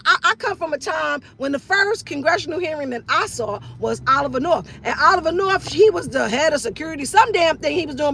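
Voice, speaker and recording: Hosting a talk segment on a live stream, this middle-aged East New York, Brooklyn comedian delivers a loose comic rant, her voice high and bright. She curses freely, repeats her own lines as she riffs, and performs little asides, with a faint noise running under her.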